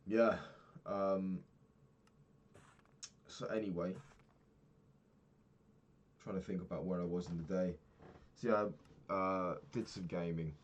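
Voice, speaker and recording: A man's voice: low voice, darkish tone. A young man in his twenties talking frankly in a rambling daily vlog, swearing casually and filling gaps with ums. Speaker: vlogger.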